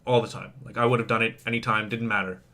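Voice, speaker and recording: A man's voice: lowish voice, steady tone, quick pace, sharp tone. A man venting to his camera in a rambling, agitated, self-justifying monologue. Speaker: vlogger in a reacted-to clip.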